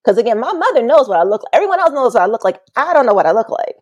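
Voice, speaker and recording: Casual, animated woman storyteller who plays out the quoted voices, podcast guest. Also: very fast, dry recording, highs cut off. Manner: animated, acts out quotes with big pitch jumps and laughs. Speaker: podcast guest, massage therapist.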